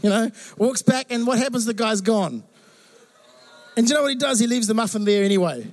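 A man preaching a sermon, telling stories with lively acted-out quotes and jokes. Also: very high voice, a little fast. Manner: animated storytelling with acted quotes. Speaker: pastor.

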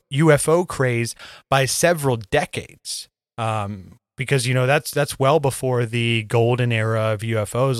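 A man's voice: mid-range voice, fairly bright tone, no room sound, clean studio sound. A man co-hosting a podcast in casual chat, laid-back, swearing and filling with "like" and "um". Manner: laid-back, swearing, laughing, lots of fillers. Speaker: podcast co-host.

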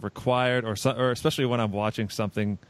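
A man's voice: medium pitch, steady tone, fast talker, no echo. A man from Massachusetts hosting a film podcast, chatting casually and rambling with many restarts and self-deprecating asides. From Massachusetts, USA. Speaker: podcast host.

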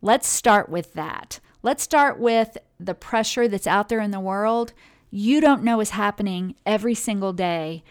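A woman hosting a motivational talk on well-being. She speaks directly and conversationally to her listeners, with a voice of middling pitch. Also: a little slow, clear, resonant tone.

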